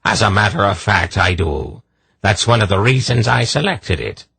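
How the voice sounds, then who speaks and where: A man voicing a gnarled, ill-tempered old hunchback sorcerer in an audiobook, gruff and later putting on a lilting brogue. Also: fairly low pitch, expressive, moderate pace, pushed and bright, no echo, pitched above the performer's own voice, heavily acted. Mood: teasing.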